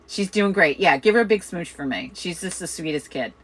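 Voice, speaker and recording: A middle-aged woman from Chicago with a New York accent, hosting a casual chat in a loud, fast, profane way. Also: lowish voice, animated, poor audio. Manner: loud, fast, swears a lot. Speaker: host of a witchcraft chat.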